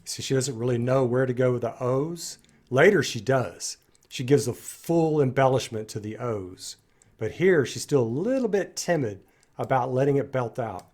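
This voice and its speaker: A man hosts a casual music reaction video, talking straight to his viewers. He sounds enthusiastic and admiring, with a relaxed, conversational delivery. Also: mid-range voice, normal speed.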